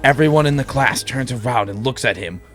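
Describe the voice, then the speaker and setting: A man's voice: medium pitch, expressive, a little fast, a bit bright, faint music behind. Goofy, giggly male storyteller. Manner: giggly, goofy, self-interrupting. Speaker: gaming channel host. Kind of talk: rambling comic storytelling.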